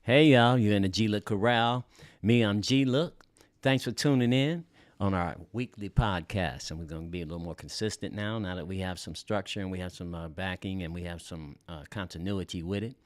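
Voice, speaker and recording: A man with a deep, low voice hosts a relaxed podcast. He is middle-aged and from Los Angeles, and he talks in an easygoing, slangy way, full of fillers and casual swearing, as if chatting with friends. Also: normal speed, dry recording. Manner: laid-back and loose, heavy on fillers and slang, swears freely. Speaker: podcast host.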